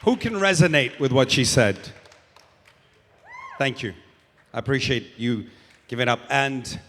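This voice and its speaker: A man hosting a conference stage, rousing the audience and calling for applause. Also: mid-range voice. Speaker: stage host. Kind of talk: emcee announcing. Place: large conference hall stage. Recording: reverberant conference hall.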